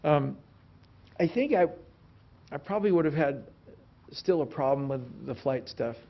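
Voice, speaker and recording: Brief: man, late fifties, gravelly low rasp, loose anecdotal guest on a stage, dull lo-fi event audio. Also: measured pace. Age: late 50s. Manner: relaxed storytelling, frequent restarts and "you know". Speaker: film actor as interview guest. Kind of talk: onstage conversation. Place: film institute stage before an audience.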